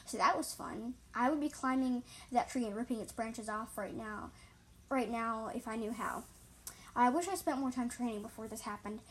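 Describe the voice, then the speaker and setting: A woman with a voice on the high side reads her own story aloud at normal speed. She often trips over words and corrects herself, and the recording is rough.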